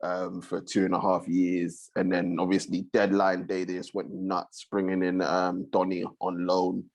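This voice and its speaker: Low-voiced guy leading a football chat, easygoing slang-heavy banter. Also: monotone, unhurried, a little mellow. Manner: laid-back slangy banter. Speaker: co-host of a football chat show.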